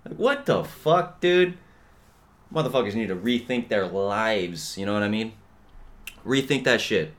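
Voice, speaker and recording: A young man holds forth alone on his podcast in a loose, profane rant. His talk wanders and is stuffed with slang fillers. He drifts between quiet grumbling and sudden loud outbursts. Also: animated, unhurried. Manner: profane, rambling, heavy on "dude" and "bro" fillers; swings between low mutters and loud outbursts. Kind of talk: casual ranting monologue.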